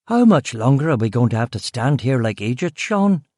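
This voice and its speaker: A man's voice: mid-range voice, sing-song, moderate pace, darkish tone, dry recording, clean studio sound. A man voicing a bored, impatient police officer who whines about waiting.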